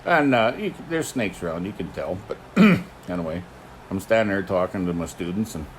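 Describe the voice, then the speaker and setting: An older man, hosting a casual chat and telling folksy stories about horses, often chuckling and clearing his throat. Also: low voice, animated, brisk, a little hiss or hum. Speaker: host, horse teamster. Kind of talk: casual chat answering viewer questions.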